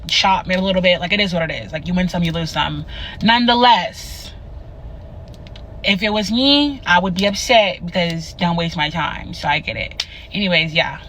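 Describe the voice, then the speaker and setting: A young woman vents to her phone camera in a loose, chatty way, laughing at herself. Her voice is bright and forward, with a faint hum of noise behind her. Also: lowish voice, low-quality recording. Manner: candid, chatty, self-mocking. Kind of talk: casual vlog rant.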